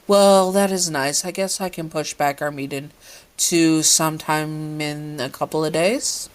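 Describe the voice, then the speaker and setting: A woman reading a fan story aloud voices a stern, emotionless male scientist who speaks in a flat monotone. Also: deep voice, measured pace. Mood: stiffly polite.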